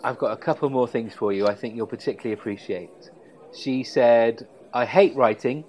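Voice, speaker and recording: A man's voice: medium pitch, fairly quick, rough recording. Man telling stories in casual podcast chat. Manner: relaxed storytelling, savoring quotes. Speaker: podcast co-host.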